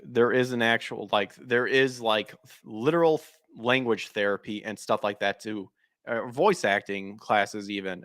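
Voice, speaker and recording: A man hosts a podcast in a blunt, casual rant, peppering his talk with swearing. He often restarts and trails off mid-sentence as he hunts for words. His voice sits at an everyday pitch and sounds dry and close, with no room around it. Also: fairly bright tone, dry recording. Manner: blunt, frequently swearing, emphatic. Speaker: podcast host.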